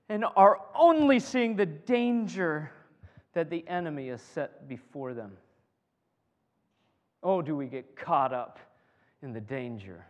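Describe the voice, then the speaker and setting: A man preaching a sermon to a congregation in a lively, joking way, often repeating his words as he builds a point. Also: on the high side, takes it slowly, pauses often, muffled recording. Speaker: pastor. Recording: long hall reverb.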